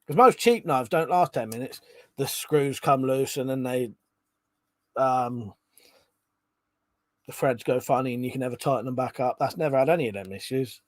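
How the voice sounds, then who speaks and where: A man's voice: medium pitch, normal speed, long pauses, no echo. A man hosting a casual live stream, chatting loosely and reading out viewer comments. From Britain. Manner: chatty, swears freely, reads out viewer comments. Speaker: livestream host.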